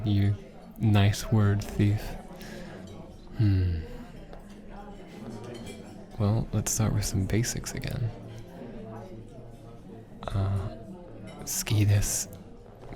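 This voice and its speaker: A young man in a whispered role-play as a teasing, affectionate boyfriend teaching Japanese, talking softly with frequent laughs. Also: on the low side. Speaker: ASMR roleplay creator. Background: background music.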